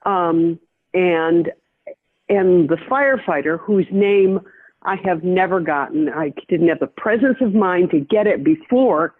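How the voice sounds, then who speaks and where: A woman's voice: on the low side, breathy edge. Older woman recounting over a tinny phone line. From American Midwest. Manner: measured, reflective recounting with many restarts. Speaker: veteran journalist guest. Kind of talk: personal storytelling in an interview.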